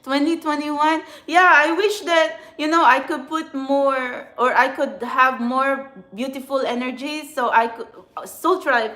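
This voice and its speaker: A woman, a spiritual channeler, venting in an emotional, agitated monologue outdoors in a city, swearing often and swinging between quiet and loud. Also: high-pitched, steady tone, a little slow, reverberant. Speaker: spiritual channeler and tarot reader.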